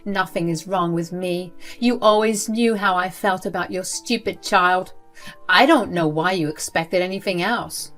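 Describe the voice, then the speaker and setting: A woman voicing a cold, spiteful older grandmother who runs a school, reading her lines in a sneering, dismissive way, with soft music behind. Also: lowish voice, unhurried. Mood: contemptuous.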